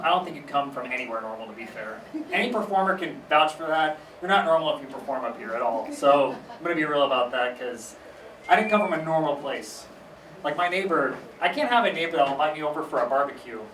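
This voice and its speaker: A young man does stand-up on a small theater stage, his voice sitting a little high and talking in a loose, casual way. He drops in deadpan asides and acts out the voices of his relatives. The sound comes from a distance, with a roomy echo and clear noise in the background. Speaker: stand-up comedian. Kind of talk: stand-up comedy set. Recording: echoey room recorded from far off.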